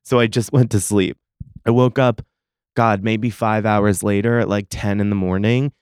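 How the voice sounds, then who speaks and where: A man's voice: fairly low pitch, fairly even intonation, moderate pace, a little mellow, smooth, dry recording, studio quality. A man in his thirties hosting a solo podcast, telling stories in casual chat with profane, dramatic complaints. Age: 30s. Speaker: podcast host.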